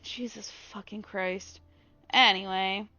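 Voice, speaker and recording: A woman's voice: medium pitch, takes it slowly, no room sound, lo-fi sound. A woman streaming a horror game, swearing freely and jumpy at scares. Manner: profane, jumpy and excitable. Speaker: live streamer. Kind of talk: casual gameplay commentary.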